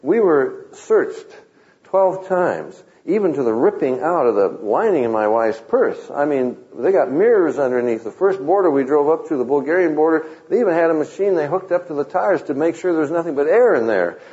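A man's voice: fairly high pitch, sing-song, moderate pace, mellow. A man preaching a sermon, quoting scripture and telling wry stories in a conversational way. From Southern California. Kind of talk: sermon with humorous anecdotes. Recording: muffled lo-fi recording.

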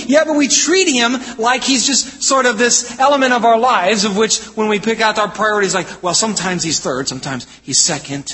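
A man preaching a sermon from the United States, in an emphatic style that swings between loud exclamations and low, intense statements. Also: normal speed, hardly any pauses, slightly rough. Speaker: pastor. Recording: hall reverb.

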